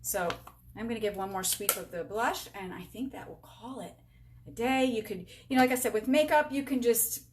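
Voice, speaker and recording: A woman's voice: on the high side, moderate pace, background noise. Chatty woman in her forties, upbeat. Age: 40s. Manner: chatty, talks to herself and viewers while working; upbeat, self-teasing. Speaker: beauty sales rep demonstrating makeup. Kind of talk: casual live-stream makeup tutorial. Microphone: camera with a halo light.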